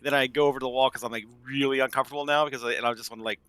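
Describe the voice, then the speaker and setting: A man's voice: mid-range voice, steady tone, rapid-fire, fairly bright tone, clean tone, no echo. A man playing in a tabletop game, casual and rambling, often cutting himself off. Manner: rambling, self-interrupting. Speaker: player.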